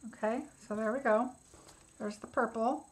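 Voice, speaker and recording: A woman's voice: fairly high pitch, steady tone, normal speed, a little hiss or hum, low-quality recording. A woman giving a casual step-by-step craft tutorial, chatty and instructive, thinking aloud as she works. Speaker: craft demonstrator.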